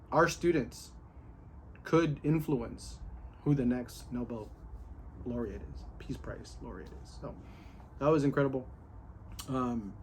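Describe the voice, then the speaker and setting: Man, casual recap, slightly high voice, excited, lots of fillers, candid. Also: a little hiss or hum. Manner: candid and excited, with many fillers and a bit of cursing. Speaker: podcast host recapping his day.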